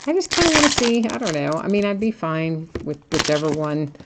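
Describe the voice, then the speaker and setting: During her live card break, a woman chats casually, laughs at herself, and calls out each card name while opening packs. Her low, sing-song voice runs a little fast, and the audio is very noisy.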